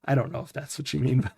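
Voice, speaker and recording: A man's voice: mid-range voice, gravelly, slightly rough. A young adult man casually commenting on a retro adventure game as he plays, dryly muttering to himself and reading the game's text aloud. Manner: wry, deadpan self-talk with mock-dramatic readings.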